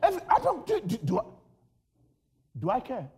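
A Nigerian-born man preaching a sermon, shouting and repeating phrases with rising intensity, telling personal stories in an animated way. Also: extremely high pitch, a little fast, vocal fry.

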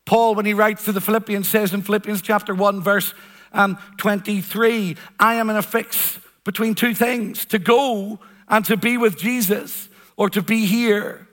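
A man's voice: high voice, fairly even intonation, moderate pace, a bit bright. A man preaching a sermon, earnest and emphatic, repeating phrases for weight. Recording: long hall reverb.

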